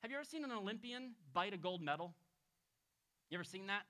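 Bright-voiced preaching man. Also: sits high, animated, quick pace. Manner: storytelling, acting out quoted people. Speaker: pastor. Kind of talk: expository sermon.

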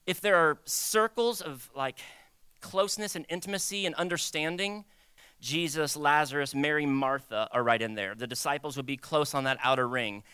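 Bright, animated young preacher man. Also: on the high side, normal speed, smooth, no echo. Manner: animated, conversational, acts out quoted voices. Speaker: pastor. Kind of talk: sermon.

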